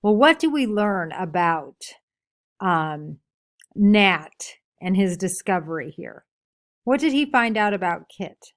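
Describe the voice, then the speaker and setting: A woman's voice: mid-range voice, animated. Woman teacher asking a class questions. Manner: asks many questions, pausing for answers; reads book passages aloud, then explains. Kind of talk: classroom read-aloud with discussion questions.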